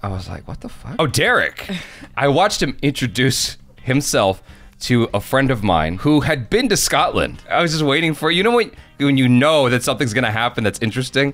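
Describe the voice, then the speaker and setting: A man co-hosting a movie reaction video, talking in a casual, animated way and swearing now and then. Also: mid-range voice. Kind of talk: casual chat.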